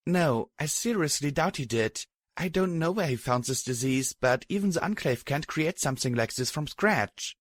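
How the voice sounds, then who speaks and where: A man voicing a timid young pegasus mare with a soft, gentle way of talking, in a fan audiobook. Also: a little high, lively intonation, moderate pace, no echo, clean studio sound, voice pushed up.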